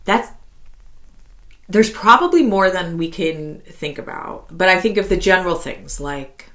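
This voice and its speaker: A woman in her thirties co-hosting a casual podcast, chatty and quick to laugh, filling her talk with likes. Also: fairly low pitch, expressive, a bit bright. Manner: chatty, laughs often, heavy use of like as a filler. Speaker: podcast co-host. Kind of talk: casual conversational podcast chat.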